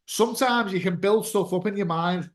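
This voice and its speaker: A man's voice: high-pitched, moderate pace. A man hosting a casual podcast, a chatty storyteller who swears freely and acts out quotes. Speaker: podcast host and DJ.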